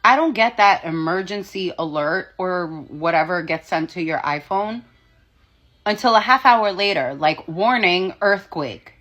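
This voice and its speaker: A woman with a somewhat low voice, chatting wryly. She tells the story casually, straight to her viewers. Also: lively intonation, moderate pace, a bit bright, dull audio, faint music behind. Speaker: social media commentator. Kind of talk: casual commentary.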